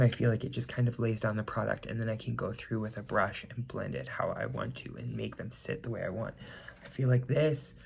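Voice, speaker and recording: A man's voice: lowish voice, vocal fry, a little mellow, a little hiss or hum. A young man with a slightly stuffy nose, chatting casually as he does his makeup on camera, rambling and correcting himself as he goes. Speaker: makeup vlogger. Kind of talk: casual get-ready-with-me chat.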